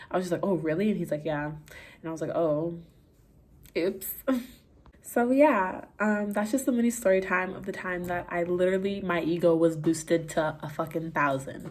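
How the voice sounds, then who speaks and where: A young woman vlogger telling a casual story time, animated and laughing, going from hushed to loud. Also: on the low side.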